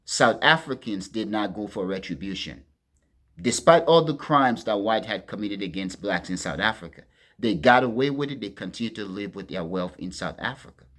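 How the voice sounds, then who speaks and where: A man hosting a political commentary monologue, talking to his listeners as friends in a deliberate, emphatic way and leaning hard on key words. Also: on the low side, animated. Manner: deliberate, addresses listeners as friends, stresses words with sharp swings in loudness.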